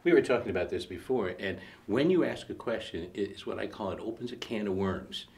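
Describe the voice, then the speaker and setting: A middle-aged man, an acting coach, explaining audition etiquette in a measured, casual way. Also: on the low side, animated, a little mellow. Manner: measured, explanatory, poses questions. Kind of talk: casual advice chat.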